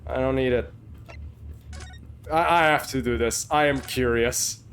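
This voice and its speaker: A man's voice: medium pitch, unhurried, a bit bright, a little hiss or hum. A man voicing a timid, curious young male student, speaking in an earnest and slightly anxious way while reading game dialogue aloud.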